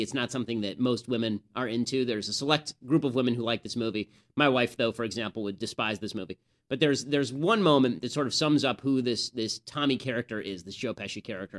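A man's voice: mid-range voice, fairly bright tone. Guy hosting a political talk show, chatty and opinionated, restarts his sentences a lot. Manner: opinionated, conversational, with frequent restarts. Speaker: host.

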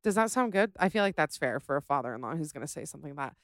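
A woman's voice: sits low, racing, dry recording, studio quality. A young adult woman hosting a podcast, chatting casually and ranting with sass about listener stories. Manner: sassy, animated, ranting. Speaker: podcast host.

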